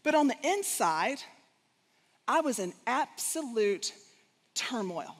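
A woman guest speaker giving a storytelling sermon, animated and acting out the voices of the people in her story. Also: on the high side, slow. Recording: long hall reverb.

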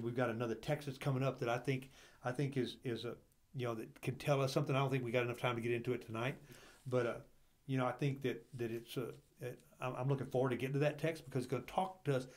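A man's voice: medium pitch, darkish tone. A man co-hosting a Bible discussion, fervent, rising into impassioned preaching with repeated rhetorical questions. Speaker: church Bible study co-host.

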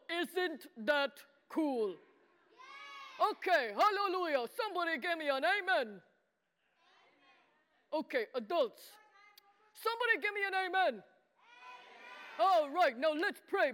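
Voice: high-pitched, fairly bright tone. An adult voicing a simple, earnest boy puppet who talks in broken childlike grammar and calls himself by name in a children's sermon. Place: church hall. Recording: long church-hall reverb.

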